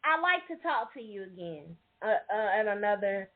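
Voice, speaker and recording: A woman's voice: mid-range voice, sing-song, normal speed, crowd noise. A woman hosting a call-in talk show, politely thanking the caller and wrapping up the call. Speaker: show host. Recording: tinny online call audio.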